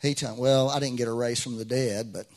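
A man's voice: medium pitch, fairly even intonation, a little fast, a little mellow. A middle-aged man preaching a sermon as pastor, in a conversational way with frequent restarts and rising bursts of emphasis.

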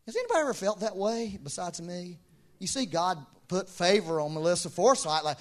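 A man's voice: sits high, animated, normal speed. A middle-aged man preaching a sermon, telling stories, acting out quoted voices and laughing often. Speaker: pastor.

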